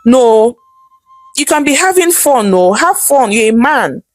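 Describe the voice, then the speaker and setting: A woman with a Nigerian accent voicing a distraught older mother-in-law who pleads and wails in high, quick bursts. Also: very animated, dry recording, soft background music. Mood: pleading.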